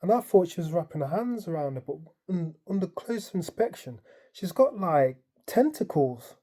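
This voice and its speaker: Speaking in a high pitch at a moderate pace, this man recounts a dream casually in the present tense. His retelling wanders and stays animated, packed with "like" and "um," in the style of a dream vlogger.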